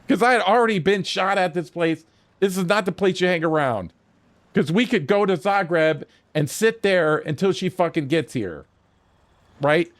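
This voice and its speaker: An older man with a notably high voice tells a rambling war story while streaming a game. He swears constantly and acts out each line of dialogue he remembers, giving the tale a loose, lively pull. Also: moderate pace. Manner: profane, animated storyteller acting out quoted exchanges. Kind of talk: casual storytelling while gaming.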